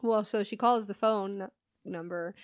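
A woman's voice: medium pitch, fairly even intonation, moderate pace, no echo. A woman co-hosting a podcast, telling stories in casual chat, laughing often and swearing as she acts out the people in them. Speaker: podcast co-host.

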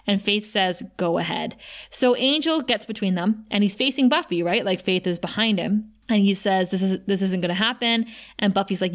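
A woman co-hosting a podcast, recapping an episode in casual chat with animated, giggly asides. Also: medium pitch, normal speed. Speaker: podcast co-host.

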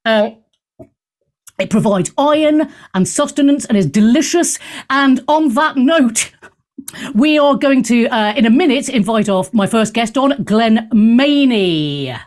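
Blunt, animated woman radio host. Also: fairly high pitch, unhurried. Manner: blunt, straight-talking and animated. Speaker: radio talk show host and comedian. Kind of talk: opinionated radio talk show chat. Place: radio studio.

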